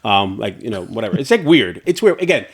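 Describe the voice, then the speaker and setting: A man co-hosting a casual podcast chat, telling stories in an animated way and laughing often. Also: on the low side, fast, breathy edge. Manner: animated storyteller, laughs often, acts out reactions. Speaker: podcast co-host.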